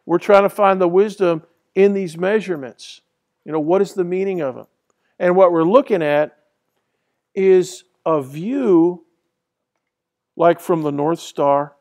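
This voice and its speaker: Male lecturer, high-pitched, loose and chatty with lots of ums. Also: a little slow, long pauses, darkish tone. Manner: rambling and conversational, many fillers and restarts. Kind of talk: classroom lecture. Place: lecture hall.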